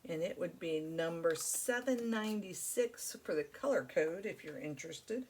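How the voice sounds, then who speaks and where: A woman's voice: on the low side, animated, moderate pace, breathy edge. A woman hosting her crafting channel, chatting casually while she works, rambling and friendly with many fillers.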